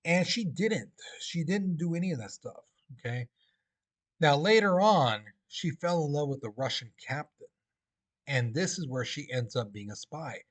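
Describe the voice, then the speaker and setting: A man's voice: on the high side, lively intonation, normal speed. Chatty male teacher giving a lecture. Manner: casual, chatty, many fillers and "okay?" checks. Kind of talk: classroom lecture to students.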